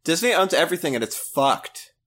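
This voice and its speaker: A man's voice: on the high side, expressive, brisk, fairly bright tone. A man from the US Pacific Northwest co-hosting a podcast, talking in a rambling, casual way with swearing and frequent restarts. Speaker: podcast co-host. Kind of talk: casual chat.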